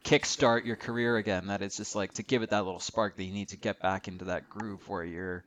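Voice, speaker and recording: Low-voiced young man explaining plays. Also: a little fast. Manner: explanatory, restarts often, relaxed. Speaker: podcast co-host. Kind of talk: casual hockey chat.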